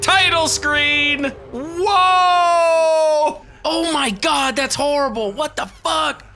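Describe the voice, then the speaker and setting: A young man with a very high, gravelly voice talks slowly through a let's-play. He's a gaming video creator, and his commentary is animated, profane and aimed at himself as he plays.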